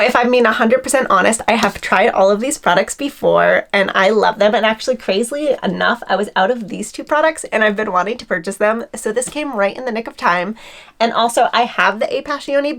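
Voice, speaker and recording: A woman in her twenties chatting excitedly as she unboxes and reviews skincare products, gushing and thankful. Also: fairly high pitch, fairly quick. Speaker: beauty vlogger.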